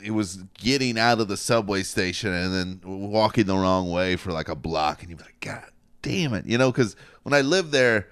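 A man co-hosting a casual comedy chat, laid-back and swearing freely, now and then shouting out the reactions he quotes. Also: sits low, moderate pace, few pauses, clean tone. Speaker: podcast co-host, comedian.

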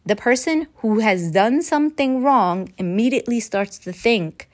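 A woman's voice: mid-range voice, lively intonation, moderate pace. A woman talking straight to her viewers and coaching them through advice tips, now and then acting out sample lines. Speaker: advice presenter. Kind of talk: direct-to-camera advice talk.

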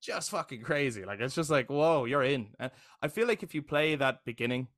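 A man's voice: medium pitch, lively intonation, a little fast, fairly bright tone. A young adult man co-hosting a podcast in casual chat, enthusiastic and casually swearing, often checking in with "right?". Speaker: podcast co-host.

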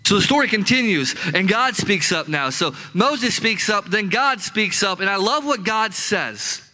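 A man's voice: high voice, animated, measured pace, bright, forceful tone, rough recording. A man preaching a sermon as pastor to his congregation, emphatic and repetitive, circling back on his key phrases. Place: church with a live congregation.

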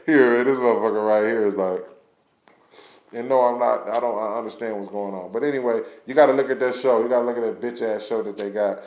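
A man's voice: mid-range voice, fairly quick, a little mellow, echoey room, highs cut off. A man delivering a blunt, passionate rant full of profanity, as in a recorded vlog. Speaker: vlogger ranting on camera.

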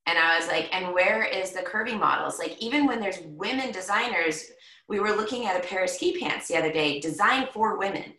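A woman hosting a podcast interview who talks in a chatty, animated way and fills her speech with "like.". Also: medium pitch, a little fast, distant mic. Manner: chatty, animated storyteller with frequent "like". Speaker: podcast host. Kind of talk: casual conversational interview. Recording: roomy echo, set back from the mic.

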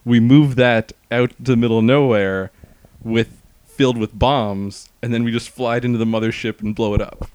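A man's voice: mid-range voice, moderate pace, clear, resonant tone, no room sound. Male podcast co-host, chatty recapper, dry close sound. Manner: animated storyteller, laughs often. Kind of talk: casual movie-review chat.

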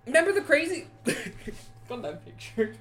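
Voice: sits high, very animated, moderate pace, a bit bright, a little hiss or hum. A young adult co-hosting a casual chat, telling stories with energy, swearing often and laughing a lot. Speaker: podcast co-host.

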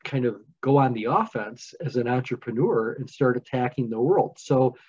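A man's voice: mid-range voice, normal speed, a little mellow, slightly rough. Chatty podcast host, man, muffled sound. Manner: chatty, rambling questions with restarts. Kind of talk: casual interview chat. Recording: dull lo-fi sound.

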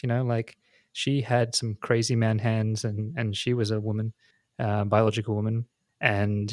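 A man's voice: fairly low pitch, little pitch movement, moderate pace, no room sound, clean studio sound. A man co-hosting a podcast, chatting casually and telling jokey stories with frequent laughs. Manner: joking, storytelling, laughs often. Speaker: podcast co-host. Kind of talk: casual chat.

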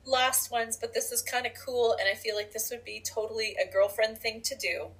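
A woman co-hosting a podcast, chatting casually and telling stories with lively asides. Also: on the high side, moderate pace, rough recording. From Canada. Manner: chatty, animated storytelling with asides. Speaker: podcast co-host. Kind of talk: casual chat.

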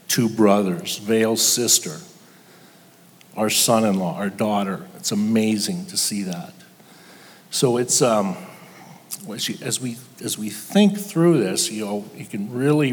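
An older man telling a personal story as a guest before an audience, halting with pauses and restarts. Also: lowish voice, big-room sound. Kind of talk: personal testimony to a live audience.

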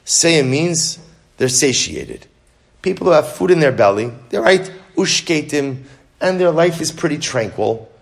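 A gravelly, fairly high-pitched male voice drives a spirited Torah lecture built on questions he answers himself. He speaks in quick bursts and keeps restarting.

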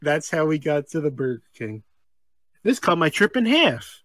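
A man co-hosting a comedy podcast, reading a strange story aloud, breaking off for deadpan asides and laughing mid-sentence. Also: fairly high pitch, moderate pace, dry recording. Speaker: podcast co-host.

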